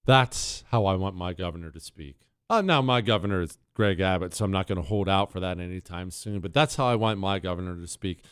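Man, talk show host, sarcastic rant, smooth voice, dry studio sound. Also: low-pitched, fairly quick, no room sound. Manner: sarcastic, exasperated ranting. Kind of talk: casual monologue.

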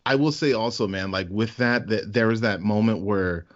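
Man, podcast co-host, low voice, hesitant, stammers, dull lo-fi sound. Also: normal speed. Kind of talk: casual chat.

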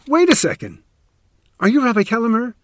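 Man putting on a fussy chatty lady, pitched up, gushing, brief storytelling bit. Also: sing-song, fast talker, a little hiss or hum. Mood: startled. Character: flustered chatty middle-aged woman.

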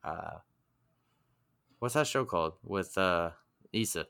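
A man in casual podcast chat, speaking haltingly with many pauses while he thinks. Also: low-pitched, lively intonation, creaky, pushed and bright, clear, resonant tone, no echo, clean studio sound.

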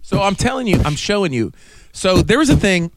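A man's voice: sits high, big pitch swings, fairly quick, over music. A middle-aged man co-hosting a podcast, telling stories in casual chat and acting out the voices of the people in them. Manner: storytelling, acts out quoted voices, laughs often. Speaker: podcast co-host.

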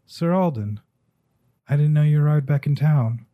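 A man's voice: fairly high pitch, moderate pace, lo-fi sound, voice pushed up, lightly acted. A man voicing a distracted male dwarf barkeep who gets startled and apologizes as he stammers.

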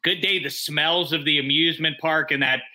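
A man's voice: fairly high pitch, fairly even intonation, fairly quick, sharp tone. A man co-hosting a podcast in casual, rambling chat. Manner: playful, rambling, drifts between topics. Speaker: podcast co-host.

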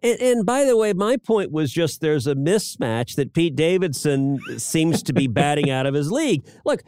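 A man's voice: fairly high pitch, expressive, normal speed, a little mellow, dry recording, clean studio sound. A middle-aged man co-hosting a political podcast, talking casually with frequent stammered restarts and chuckles at his own jokes. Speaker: podcast co-host, senator.

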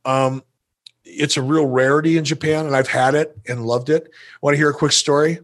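A man's voice: fairly high pitch, steady tone, moderate pace. A man talking as a podcast guest, telling a story in a playful, profane, self-amused way. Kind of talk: casual storytelling.

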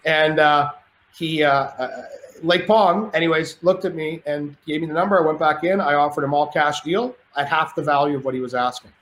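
A man's voice: a little high, normal speed, a bit bright. A man telling stories as a podcast guest in a casual, rambling way, restarting his sentences often. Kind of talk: casual storytelling. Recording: roomy with faint noise.

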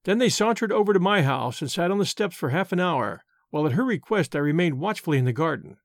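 A man's voice: fairly high pitch, very animated, quick pace, no room sound, studio quality. A man narrating a novel as an audiobook, giving each character a voice.

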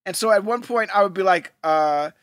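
High, bright-voiced laid-back man. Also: moderate pace, no echo, clean studio sound. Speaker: podcast co-host. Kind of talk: casual chat.

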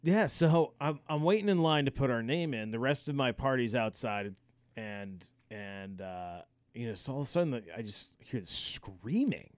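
A man co-hosting a podcast, telling stories in casual chat, animated and swearing freely. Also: medium pitch, normal speed, no room sound. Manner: animated storyteller, swears freely, acts out quoted yelling. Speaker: podcast co-host.

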